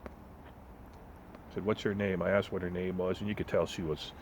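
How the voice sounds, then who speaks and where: A very deep-voiced man rants bluntly and swears freely as he tells his story. Now and then he mocks other people's voices. He is recorded on a phone outside near traffic, with clear street noise behind him. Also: level tone, normal speed, pauses often, dull audio. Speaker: vlogger. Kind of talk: profane casual rant.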